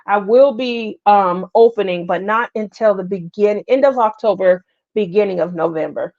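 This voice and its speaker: A woman's voice: medium pitch, moderate pace, a little mellow. A middle-aged woman hosting a casual craft livestream, chatting with viewers by name and laughing often. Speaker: livestream host. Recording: slightly muffled livestream audio.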